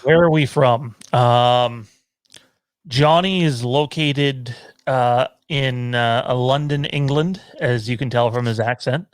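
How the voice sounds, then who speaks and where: Slow, laid-back joking man. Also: medium pitch, no room sound, studio quality. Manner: laid-back, jokey, often laughing. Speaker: podcast co-host. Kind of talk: casual chat reading live chat.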